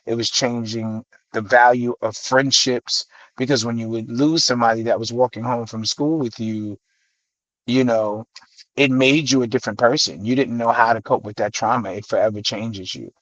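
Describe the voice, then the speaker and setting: A middle-aged man from the Bronx with a New York accent tells his stories as a guest in a dry, close-miked studio. His pitch sits in the middle, and he slips into the voices of the people he quotes. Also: normal speed, no echo, lo-fi sound. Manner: animated storyteller who acts out quoted voices. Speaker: guest, hip-hop artist. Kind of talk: radio interview storytelling.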